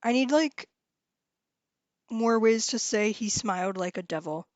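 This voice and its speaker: A young woman chats with viewers on a live stream, bubbly and excitable, trailing off and laughing as she goes. Her voice sits a touch high. The sound is dull and lo-fi in a dry room with no echo. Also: measured pace, long pauses.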